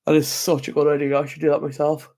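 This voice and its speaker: A man's voice: fairly high pitch, monotone, fast talker, dark tone. Tired, chatty Irish man on a live stream. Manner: rambling, chatty, talks to viewers directly. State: tired and yawning. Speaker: channel host. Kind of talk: casual live-stream chat. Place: at home. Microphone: external microphone.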